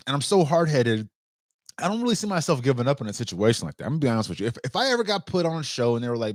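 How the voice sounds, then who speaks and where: A man's voice: mid-range voice, fast, no room sound. Young guy rambling to his viewers, lots of swears, voice jumps all over, dry close sound. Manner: loose, animated, swears freely. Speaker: outdoor vlogger. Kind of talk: casual chat to camera.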